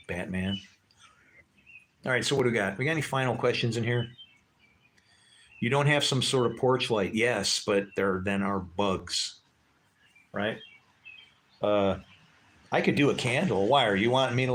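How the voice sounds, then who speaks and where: A man's voice: mid-range voice, normal speed, pauses often, a bit bright, a little hiss or hum. A man chatting casually with livestream viewers from a porch at dusk, rambling and joking with frequent chuckles.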